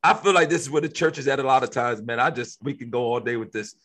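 A man's voice: medium pitch, fairly bright tone. A man co-hosting a faith discussion, teaching from the Bible in an emphatic, preacherly way. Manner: emphatic, preacherly, quick to stress points.

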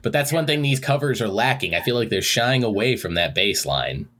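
A man's voice: fairly low pitch, animated, a little fast, a bit bright. A man co-hosting a podcast, casually and earnestly breaking down the sound of songs. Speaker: podcast co-host. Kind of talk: casual music chat.

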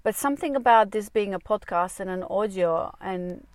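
A woman's voice: mid-range voice, normal speed, dry recording. A woman hosting her own podcast, talking candidly and rambling, swearing freely, recorded in a parked car on a small mic plugged into her phone. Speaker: podcast host and dating coach. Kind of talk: candid solo podcast monologue. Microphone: small clip-on mic on a phone.

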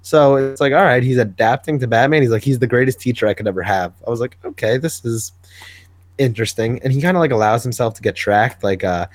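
A man co-hosting a podcast, chatting casually about the week's comics and retelling scenes with quick character voices. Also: mid-range voice. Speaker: podcast co-host. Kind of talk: casual comic book review chat.

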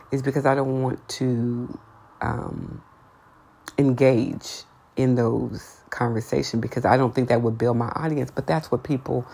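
A woman with an unusually low voice, rough with vocal fry, holds forth on her podcast in a casual, unfiltered monologue. She is blunt and outspoken, and her pitch jumps up when she gets heated. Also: a little mellow, a little hiss or hum. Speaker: podcast host.

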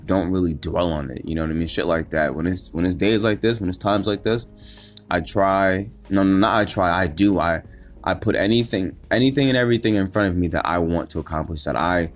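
A man hosting a solo motivational podcast, talking emphatically, swearing a lot and repeating himself as he pushes through. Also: low-pitched. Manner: emphatic, repetitive and profane, with many restarts. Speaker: podcast host.

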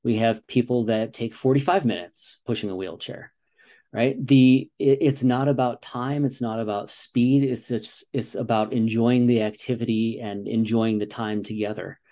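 An American father and runner in his forties talks earnestly in a casual interview, frequently saying "you know." His voice is mellow and medium-pitched, with fairly even intonation at a normal speed.

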